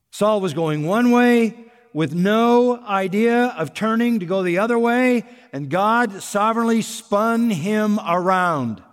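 A man preaching a sermon, emphatic and repeating key words for stress. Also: sits high. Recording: long reverb of a large hall.

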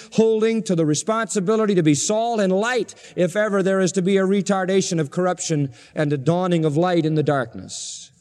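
A man's voice: high voice, darkish tone, big-room sound. A man preaching a sermon as pastor, emphatic and driving points home by repeating short phrases.

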